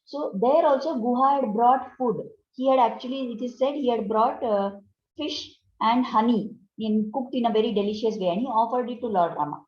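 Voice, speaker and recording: A woman's voice: a little high, normal speed. Woman teaching scripture in an echoey room. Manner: conversational and explanatory, often asks the listener questions. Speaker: spiritual teacher. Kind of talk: devotional discourse on scripture. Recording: roomy, dull lo-fi recording.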